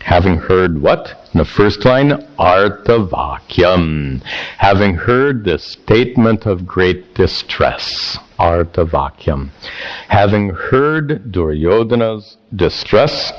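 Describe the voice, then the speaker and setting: A man teaching a scripture class, speaking haltingly with repeated words and chanting verses slowly. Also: lowish voice, lively intonation, dull audio.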